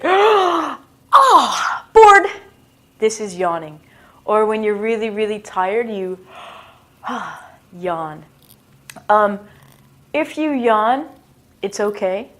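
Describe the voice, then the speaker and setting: A woman giving a casual English lesson in a playful, self-mocking way, acting out bodily noises as she explains them. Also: mid-range voice. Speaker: English teacher.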